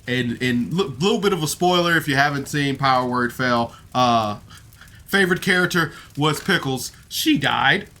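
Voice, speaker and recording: A man's voice: medium pitch, expressive, a little slow, bright, forceful tone. A man giving a casual, rambling review of a podcast episode on camera, emotional and full of fillers. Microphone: camera mic, seated on camera.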